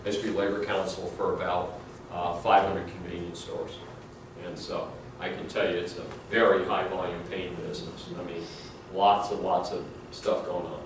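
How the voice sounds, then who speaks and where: Speaking at a normal speed in a deep voice with little pitch movement, a middle-aged male law professor delivers a conversational lecture full of stories, filler words and false starts. The mic sits at a distance in a big classroom, so the sound is echoey with a faint hiss.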